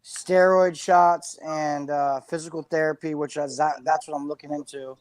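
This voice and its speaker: A man on a podcast panel, speaking hesitantly with many pauses. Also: fairly high pitch, little pitch movement, a crowd in the background. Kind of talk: casual group podcast banter.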